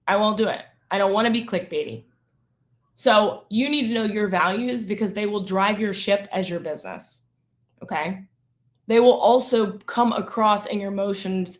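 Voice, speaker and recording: Emphatic woman business coach. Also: medium pitch. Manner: emphatic, repeats "okay?" and "right?". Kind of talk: live-stream teaching.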